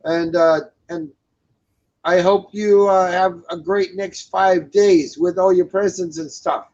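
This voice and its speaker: A man's voice: high voice, steady tone, slow pace, darkish tone. A man co-hosting a casual talk show, ranting in crude, profane language and repeating himself with many fillers. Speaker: co-host. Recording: dull lo-fi sound.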